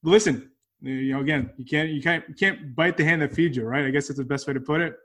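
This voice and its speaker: An upbeat male host runs a casual interview and laughs easily along with his guest. His voice sits a little above the usual male range and stays relaxed. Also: a little high, quick pace. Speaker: podcast host.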